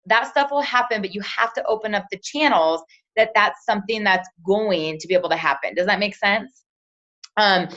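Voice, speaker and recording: Woman team coach, chatty and conversational, mid-pitched, dull lo-fi sound. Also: a bit bright. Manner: chatty, acts out sample chats in quoted voices, often asks "right?". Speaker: team leader coaching a sales team.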